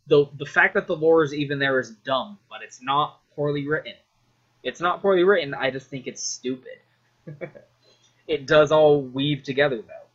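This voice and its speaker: A man's voice: on the high side, a bit bright, dull audio. A man casually rambling about a video game he loves, full of fillers, restarts and swearing.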